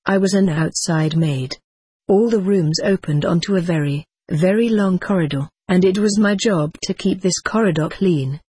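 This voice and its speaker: A woman narrating a first-person memoir in a measured, somber storytelling manner. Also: lowish voice, dark tone, husky, no room sound. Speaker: audiobook narrator.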